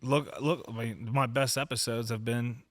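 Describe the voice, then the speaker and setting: A man hosting a podcast in casual conversation, relaxed and encouraging toward his guest. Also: mid-range voice, moderate pace, a little hiss or hum. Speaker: podcast host.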